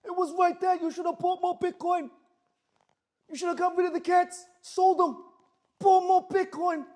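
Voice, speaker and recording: Squeaky, nagging New Jersey scold, insistent and odd-toned. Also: male voice, flat delivery, moderate pace, darkish tone.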